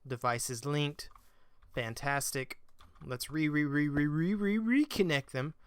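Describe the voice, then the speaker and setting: A man's voice: a little high, slow pace, clear, resonant tone, no room sound. A man giving casual commentary as he plays a video game, chatty and self-mocking, flaring into mock-exasperated rants. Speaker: let's play gamer.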